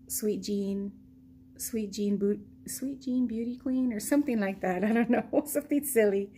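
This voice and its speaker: Woman vlogging, stuffy allergy nose, slow rambly storytelling w lots of laughs, warm mellow voice. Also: medium pitch, slight background noise. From United States. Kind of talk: casual storytelling.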